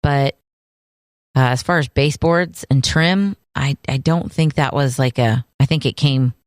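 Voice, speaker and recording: A woman's voice: a bass voice, measured pace, no echo, clean studio sound. A woman co-hosting a casual chat show, playful and teasing, laughing often as she talks about her kids. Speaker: podcast co-host.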